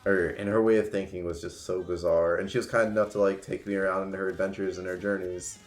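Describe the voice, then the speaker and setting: A man's voice: deep voice, little pitch movement, fast, reverberant, soft background music. A man in his twenties telling rambling stories on a casual livestream, full of fillers and restarts. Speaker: streamer.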